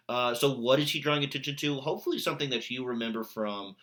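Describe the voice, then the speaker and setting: A man's voice: mid-range voice, fast, hardly any pauses, fairly bright tone. A man recording a video lesson for his English class, talking in a casual, chatty way with mild sarcasm. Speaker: English teacher.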